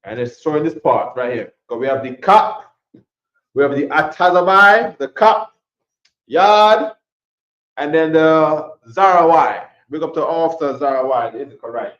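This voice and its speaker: A man's voice: fairly high pitch, measured pace, a bit bright. A man teaching a class from a chart, repeating himself and checking in with "right?" after each point, sometimes dropping to a mutter. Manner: drops to a mutter when fiddling with the camera. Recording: dull lo-fi sound.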